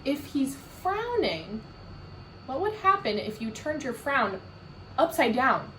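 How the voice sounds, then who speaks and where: A woman teacher reading a picture book aloud to children, animated and full of questions, with a roomy echo from a distant mic. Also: high-pitched, slow pace, a little hiss or hum. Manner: animated, asks questions, laughs.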